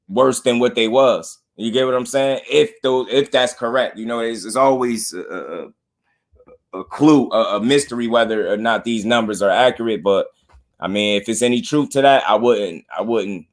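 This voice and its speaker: Slangy, animated man hosting a boxing stream. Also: medium pitch. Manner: animated, slangy and repetitive, addressing chat. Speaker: boxing talk show host. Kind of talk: live-stream commentary.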